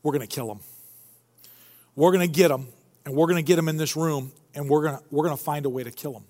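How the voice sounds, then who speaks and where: A man's voice: a little high, fast talker, a little mellow, voice pushed down, close to an everyday voice. A man putting on smug plotting temple elders. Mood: scheming. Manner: gloating, conspiratorial. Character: smug scheming male temple leaders plotting. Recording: long hall reverb.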